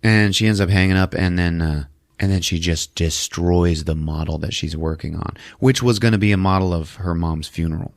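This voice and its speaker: A man's voice: deep voice, normal speed, gravelly, dry recording, clean studio sound. A man hosting a podcast, casually retelling a film with loose, profane energy. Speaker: podcast host recapping a film. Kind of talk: casual chat.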